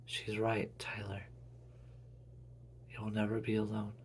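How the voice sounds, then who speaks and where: A man voicing a calm ghostly young man. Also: lowish voice, takes it slowly, slight background noise, voice pushed down. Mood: gentle.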